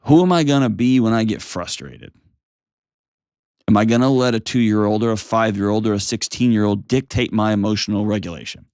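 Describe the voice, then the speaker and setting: A man in his forties hosting a call-in advice show, calm, reassuring and emphatic as he coaches a caller. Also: on the low side, fairly quick, smooth, dry recording, clean studio sound. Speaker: host.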